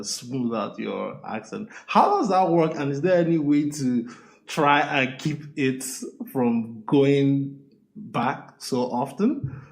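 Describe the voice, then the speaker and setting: A man hosting an interview podcast, asking questions in a lively way. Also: medium pitch. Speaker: podcast host. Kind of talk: casual interview talk.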